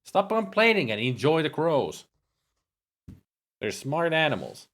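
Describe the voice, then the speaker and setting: A man's voice: fairly high pitch, big pitch swings, a little slow, fairly bright tone. A man streaming a horror game, joking and chatting with his viewers in casual commentary. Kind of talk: casual let's-play commentary.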